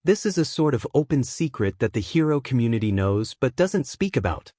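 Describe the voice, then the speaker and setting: A man reading as a weary monotone hero-teacher. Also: mid-range voice, brisk, no echo, studio quality. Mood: blunt. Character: weary, blunt adult male hero-teacher and protective father.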